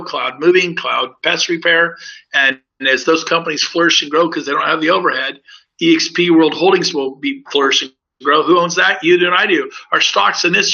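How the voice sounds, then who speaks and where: A man's voice: fairly high pitch, vocal fry, bright, forceful tone. A man, a real estate broker, giving an upbeat, persuasive sales presentation to recruits in a webinar. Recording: dull lo-fi audio.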